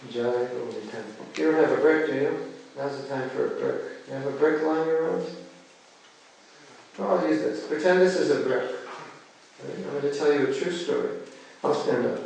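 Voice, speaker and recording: An American man gives a relaxed spiritual talk, chatting with the room and tossing questions at the audience. His voice has a gravelly edge. He sounds distant from the mic, with heavy echo around him and faint ambience behind. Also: fairly high pitch, normal speed, a little hiss or hum. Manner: chatty, jokes and quizzes the audience. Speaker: seminar teacher. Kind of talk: casual spiritual lecture to a live audience.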